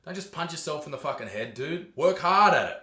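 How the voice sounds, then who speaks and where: Loud, swearing Australian comedian in an echoey room. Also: male voice, fairly high pitch, a little fast. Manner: crude, swears a lot, loud and excitable. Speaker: comedian host. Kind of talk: ranting comedic reaction commentary.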